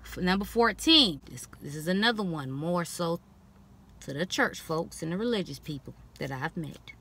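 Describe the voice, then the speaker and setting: Her voice is husky and on the low side, moving at a normal speed: a young adult vlogger chatting casually to camera. She's outspoken and expressive, quoting what people tell her in mocking tones.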